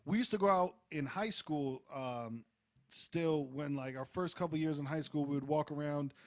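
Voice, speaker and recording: High-pitched man in laid-back chat. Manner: laid-back, quick short replies and backchannels. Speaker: podcast co-host. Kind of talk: casual chat.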